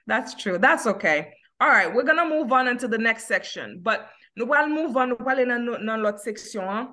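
A woman with a Haitian accent teaching an English class online, slowing down to model simple phrases. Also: fairly high pitch, expressive, pushed and bright. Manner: switches between Haitian Creole and English, slows down to model phrases. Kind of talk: online language lesson.

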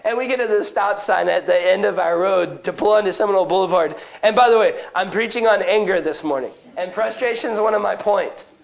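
A male pastor preaching a sermon in church, in a conversational, animated manner with quick restarts and asides. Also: high-pitched, creaky, low-quality recording. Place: church sanctuary.

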